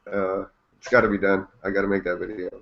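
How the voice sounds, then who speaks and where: A man's voice: sits low, flat delivery, quick pace, dull audio, slight background noise. A Canadian man co-hosting a casual chat, rambling, joking and swearing freely. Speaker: co-host.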